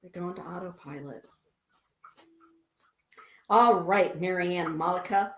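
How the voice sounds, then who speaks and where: A woman's voice: fairly low pitch, unhurried, a bit bright. A middle-aged woman hosting a spiritual live stream, reading viewer comments and oracle cards in a soothing, repetitive way. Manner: soothing, repeats phrases, reads viewer comments aloud. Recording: echoey room.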